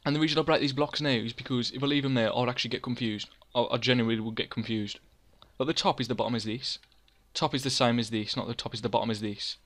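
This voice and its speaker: A man's voice: medium pitch, fairly even intonation, fast, fairly bright tone. A young man, hosting casual gameplay commentary in a rambling, self-mocking way, often talking to himself by name. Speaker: let's play host.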